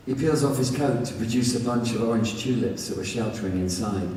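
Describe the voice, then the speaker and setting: A man's voice: medium pitch, brisk, mellow, a little hiss or hum. A man reading his own novel aloud in the first person, with a wry, conversational delivery. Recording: echoey hall from far off, faint ambience.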